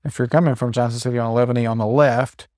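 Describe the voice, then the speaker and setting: Enthusiastic guy hosting a local podcast, mid-pitch voice, dry close sound. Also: fairly even intonation, mellow, no room sound. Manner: upbeat and enthusiastic, quick to agree. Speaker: podcast host. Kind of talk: casual interview chat.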